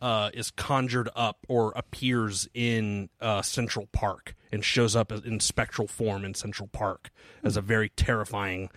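A man co-hosting a casual movie commentary podcast, excitable and swearing freely, breaking into laughter often. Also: on the low side, measured pace, dry recording, studio quality. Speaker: podcast co-host.

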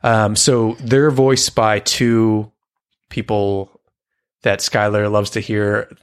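A man with a somewhat low voice co-hosts a podcast in an easy, chatty way. He talks with enthusiasm and laughs often as he goes. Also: level tone, slow, smooth. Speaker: podcast co-host. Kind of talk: casual chat about a cartoon.

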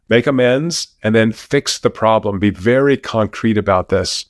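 A man with a somewhat low voice speaks as an interview guest over a video call. He is animated and lively, often rising in pitch as he tells anecdotes. The sound is close and dry. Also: normal speed, few pauses, no echo. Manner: animated storyteller, lively when telling anecdotes. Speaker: guest researcher. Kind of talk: interview conversation. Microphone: remote video call.

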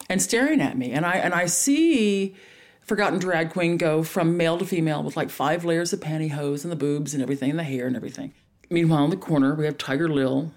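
A woman telling a personal story in an animated, polite way, often laughing. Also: low-pitched.

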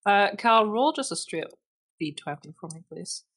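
A woman narrates as game master of a tabletop role-playing game, relaxed and giggly and using lots of fillers. Her voice is medium-pitched and moves at a moderate pace.

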